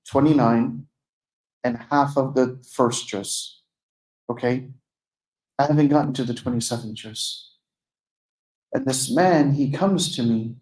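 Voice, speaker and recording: A man giving a sermon in a mosque, telling a personal story in an earnest, conversational way and slowing down to stress the key moments. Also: mid-range voice, warm tone. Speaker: preacher giving a night talk. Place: mosque prayer hall. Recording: echoey mosque hall.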